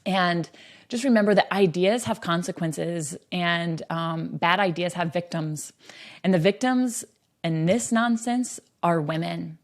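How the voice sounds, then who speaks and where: A woman's voice: lowish voice, unhurried. A woman from western North Carolina, talking as a podcast host in an earnest, storytelling manner with frequent ums. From western North Carolina, USA. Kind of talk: earnest conversational monologue.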